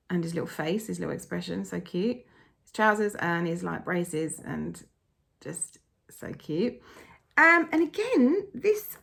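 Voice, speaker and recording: A woman hosting a casual show-and-tell vlog about her cross-stitch work. She talks in a gushing, enthusiastic way, and her voice carries a gravelly edge of fry. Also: medium pitch, a bit bright.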